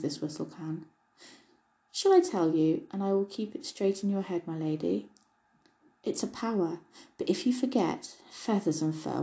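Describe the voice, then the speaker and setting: A woman's voice: medium pitch, warm tone, lightly acted, low-quality recording. A woman voicing a small, kind, mischievous male elf with a droll, chuckling way of talking, reading a storybook.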